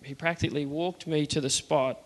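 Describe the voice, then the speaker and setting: A man's voice: on the high side, steady tone, brisk, long reverb tail. A man with an Australian accent earnestly telling a personal faith story, acting out the dialogue. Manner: earnest, plain-spoken, acts out the dialogue.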